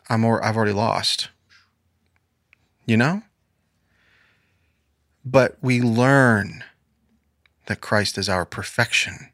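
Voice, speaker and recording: A man's voice: on the low side, fairly bright tone, no room sound, clean studio sound. A man co-hosting a casual faith podcast, talking earnestly and quoting scripture in a preacherly way. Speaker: podcast co-host. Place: podcast studio.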